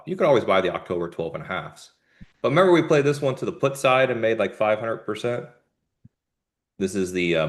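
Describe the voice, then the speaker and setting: A man hosting a live trading show, giving casual market commentary in jumpy bursts with slangy asides. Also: fairly low pitch. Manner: animated, jumpy delivery with sudden emphatic bursts.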